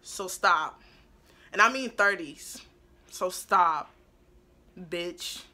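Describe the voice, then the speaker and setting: This young beauty vlogger talks very slowly while telling a casual story. She's animated and frank, curses a lot, and moves from hushed asides up to loud outbursts.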